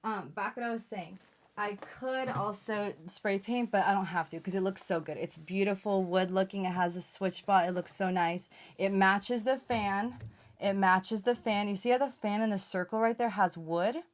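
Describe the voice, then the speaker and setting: A woman's voice: medium pitch, normal speed. A young woman hosting a live unboxing stream, chatting casually, gushing and swearing freely. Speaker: livestream host.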